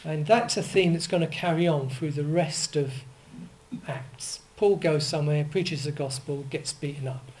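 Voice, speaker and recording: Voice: mid-range voice, moderate pace, darkish tone, rough recording. An older preacher, giving a conversational sermon full of asides and self-corrections.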